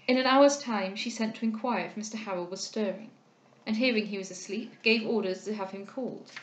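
A woman reading a classic novel aloud, in a measured, steady narration. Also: mid-range voice. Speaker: audiobook reader. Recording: roomy echo.

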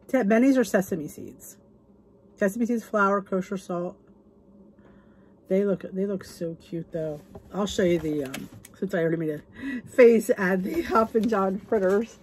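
A woman hosts her cooking channel, reviewing a cookbook in casual chat, reading recipe names aloud and gushing over the food, sometimes dropping to a whisper. Her mid-range voice is animated and a little mellow at a measured pace, with slight hiss or hum.

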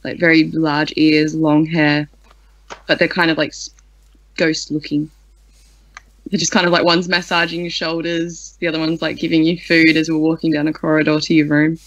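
A woman's voice: low-pitched, little pitch movement, normal speed, no room sound. Tired, giggly woman gamer, dry lo-fi mic, rambles. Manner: rambling and giggly, full of likes. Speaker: player. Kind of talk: playing a tabletop game in character.

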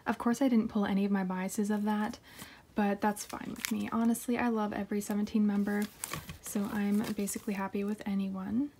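A young woman with a mid-range voice chats casually at a moderate pace, with slight background noise. She's a K-pop collector vlogger unboxing her haul on the floor at home, gushing excitedly and sometimes dropping to a whisper.

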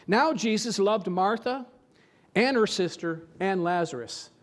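A man's voice: high-pitched, lively intonation, a little slow. A pastor delivering an earnest sermon, asking his congregation for amens and repeating phrases for emphasis.

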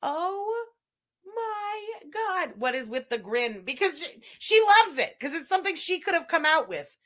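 A woman's voice: very high-pitched, sing-song, measured pace, fairly bright tone. A woman with a Montreal English accent doing blunt, mocking reaction commentary.

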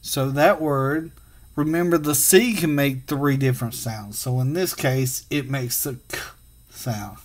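A man teaching a phonics and punctuation lesson to children, sounding out letters slowly and patiently. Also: mid-range voice.

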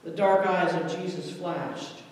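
A man narrating a scripture story in a measured, deliberate way at a church service. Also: high-pitched, steady tone. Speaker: scripture reader. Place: church sanctuary. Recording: echoey church hall from far off.

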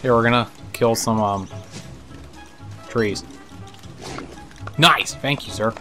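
A man's voice: medium pitch, slow, long pauses, fairly bright tone, faint music behind. A man giving casual let's-play commentary, chatting to the characters on screen, laughing and swearing as he plays. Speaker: gameplay commentator.

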